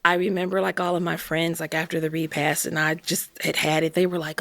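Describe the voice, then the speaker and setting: A woman's voice: low-pitched, little pitch movement, brisk, creaky, few pauses, a bit bright, no room sound. A woman from Chicago, a podcast guest telling her story with emotion and acting out quotes. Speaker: interview guest. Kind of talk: candid podcast conversation.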